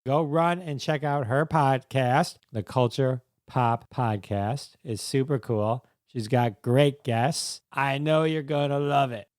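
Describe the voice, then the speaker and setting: A man's voice: steady tone, slow, few pauses, darkish tone, dry recording. Upbeat man hosting a dry-sounding podcast. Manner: upbeat, jokey, jumps high in pitch on exclamations. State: losing his voice a little. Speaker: podcast host. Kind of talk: casual podcast wrap-up and hashtag game segment.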